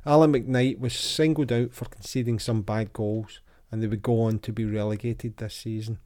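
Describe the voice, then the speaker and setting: A man hosts a relaxed football podcast, reading from an old magazine and quizzing his co-host. His voice is dark and mellow, with a chatty, easygoing delivery. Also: fairly low pitch, normal speed. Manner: chatty, reads quotes aloud with lively voices. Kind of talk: casual football chat.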